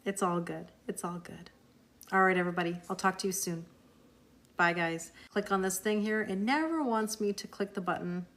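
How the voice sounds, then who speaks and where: A woman's voice: mid-range voice, normal speed, fairly bright tone. A woman hosting a tarot live stream, chatting casually with viewers, answering their comments and laughing often. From Canada.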